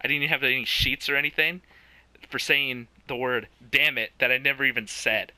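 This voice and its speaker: A man's voice: medium pitch, steady tone, brisk, bright, forceful tone, no room sound. A young man co-hosting a podcast, telling a childhood story in casual chat, laughing often and swearing. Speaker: podcast co-host.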